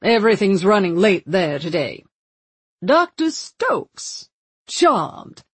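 Lady doing a smooth mid-atlantic gent, forties, courtly and jovial, slow drawn-out lines, kinda husky. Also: high-pitched, sing-song, fairly bright tone, no room sound, full character voice. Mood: genial. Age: 40s. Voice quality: suave, courtly, drawn-out delivery. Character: jovial, polished male official in his early forties.

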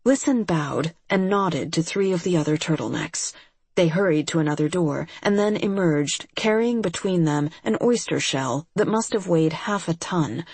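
Husky, measured audiobook narrator. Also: medium pitch, lively intonation, darkish tone, no room sound. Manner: measured storytelling. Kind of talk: scripted first-person narration.

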